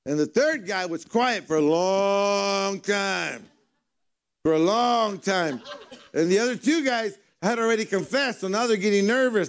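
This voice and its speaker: His voice sits high and sounds animated but unhurried as he preaches at a church service. The man keeps the sermon conversational, mixing in funny stories.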